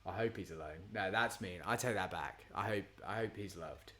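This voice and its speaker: A man's voice: low-pitched, moderate pace, bright, forceful tone. A man, chatting casually and rambling on a livestream for his supporters as a singer-songwriter. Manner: rambling, chatty, lots of fillers.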